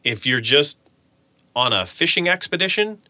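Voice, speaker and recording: A man's voice: on the high side, moderate pace, no room sound. A man who runs a game studio, chatting casually on a podcast and acting out quotes with a raised voice. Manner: animated, acts out quotes in a raised voice. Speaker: game studio lead who hires contractors.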